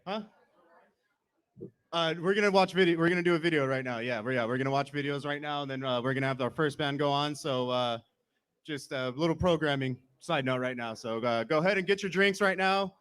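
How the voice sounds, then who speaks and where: Male emcee, slightly high voice, loose casual announcements at a bar. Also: a little fast, clear, resonant tone. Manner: relaxed, many filler words. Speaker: event emcee.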